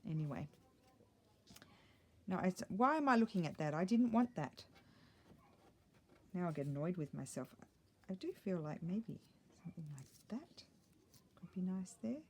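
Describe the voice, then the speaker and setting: A woman's voice: on the low side, expressive, normal speed, pauses often, breathy edge. A middle-aged woman chatting casually while she crafts, thinking aloud and muttering little asides to herself. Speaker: craft vlogger.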